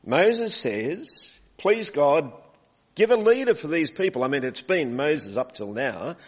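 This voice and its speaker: A man's voice: fairly high pitch, very animated, unhurried. A man preaching a conversational sermon in a church, asking the congregation questions and calling for volunteers. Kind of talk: interactive sermon. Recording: dull recording with long hall reverb.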